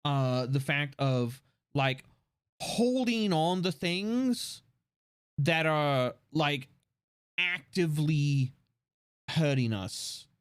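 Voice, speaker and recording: A young man hosting a casual livestream chat, joking and laughing often, with halting restarts. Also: a little high, lively intonation, clean tone, no echo, studio quality. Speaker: streamer host.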